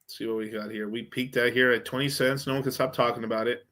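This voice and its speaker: A man's voice: medium pitch, steady tone, quick pace, a bit bright. A man hosting a crypto livestream, chatting casually and profanely as he rambles through charts. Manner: profane, rambling, thinking aloud. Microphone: streaming setup mic.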